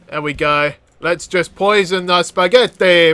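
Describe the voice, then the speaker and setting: A man giving excitable let's-play commentary as a gaming YouTuber, yelping, cackling and chattering at the game. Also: high-pitched, normal speed, hardly any pauses, smooth.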